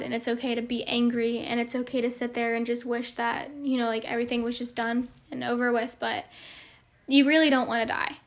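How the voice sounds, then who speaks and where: A young woman pours out a heartfelt monologue to her followers, earnest and rambling, full of fillers. Her voice sits fairly high but stays flat, with little rise and fall. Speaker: social media creator.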